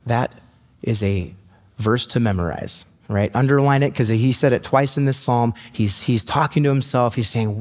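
A man preaching a sermon in a conversational, storytelling way, slowing down to read scripture. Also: medium pitch, darkish tone, in a large hall. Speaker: pastor.

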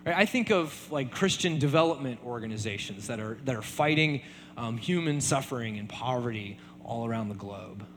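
Lively conversational male preacher. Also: mid-range voice, normal speed, big-room sound, a little hiss or hum. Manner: conversational, many fillers and repeated tag questions. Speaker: pastor. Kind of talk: sermon.

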